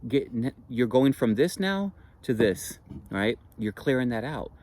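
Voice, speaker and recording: A man's voice: mid-range voice, sing-song, a little slow, a little mellow. A man speaking earnestly and reassuringly in a spiritual monologue, repeating phrases for emphasis. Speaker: spiritual teacher.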